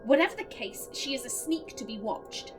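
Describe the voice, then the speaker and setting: Fields: Character: a woman reading a wary Brazilian woman. Delivery: hushed. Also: on the high side, big pitch swings, moderate pace, rough recording. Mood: suspicious. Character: wary Brazilian woman, read in the streamer's own accent. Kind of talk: reading game dialogue aloud. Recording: voice over game music.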